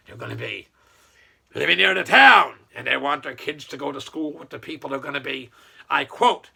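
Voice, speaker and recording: A man's voice: a little high, animated, a little slow, vocal fry, pushed and bright. A man giving a sarcastic, opinionated political commentary monologue. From Nova Scotia. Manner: sarcastic, mocking storytelling. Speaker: online commentator.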